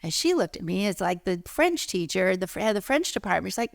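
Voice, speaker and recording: Animated woman telling a personal story, dry close sound. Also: mid-range voice, fast talker, creaky, no echo. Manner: animated storyteller, acts out voices in quotes. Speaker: spiritual teacher and author.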